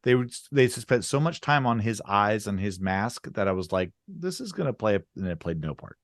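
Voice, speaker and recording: A podcast co-host chatting casually about a film, halting and easygoing, with many restarts. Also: sits low, fairly even intonation, no room sound. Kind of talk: casual film review chat.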